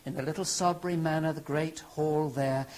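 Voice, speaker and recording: A man's voice: a little high, steady tone, moderate pace, darkish tone, poor audio. A man giving a historical lecture, telling the story earnestly and with emphasis. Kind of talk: historical lecture with dramatic readings.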